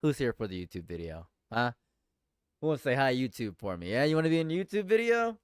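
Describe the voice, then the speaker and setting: Male live-stream commentator: smooth, clean voice on a dry close mic, rants at the news, stutters and repeats lines, flips from yelling to muttering. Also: mid-range voice, big pitch swings, fast talker, no echo. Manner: exasperated, swings from shouting outrage to muttering; repeats phrases, stammers and restarts.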